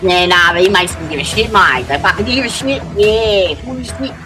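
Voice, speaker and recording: A woman putting on a loud, blokey working-class Australian man with a broad Australian accent, breathy and mocking. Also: mid-range voice, expressive, moderate pace, music in the background, pitched above the performer's own voice, close to an everyday voice. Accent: broad Australian, mimicked. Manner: loud, laughing mockery.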